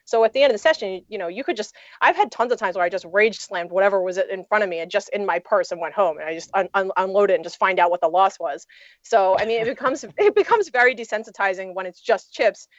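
A woman's voice: mid-range voice, lively intonation, quick pace, no echo, highs cut off. Chatty woman telling a rambling story. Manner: rambling with many fillers and restarts. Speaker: poker player guest. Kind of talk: casual storytelling interview.

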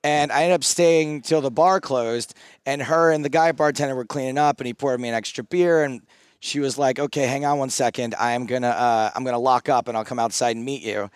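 A man's voice: mid-range voice, clean tone, no echo, studio quality. A man in his thirties on a podcast, telling rambling, self-mocking stories in casual chat, often restarting his sentences. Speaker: podcast co-host.

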